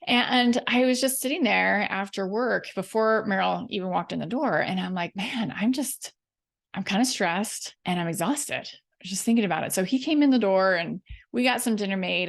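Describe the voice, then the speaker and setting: A middle-aged woman hosts her coaching podcast and tells a personal story in a casual, lively way. Her mid-range voice carries a gravelly fry, and she laughs at herself as she goes. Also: medium pitch. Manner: animated, self-deprecating, laughs often. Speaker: podcast host and life coach.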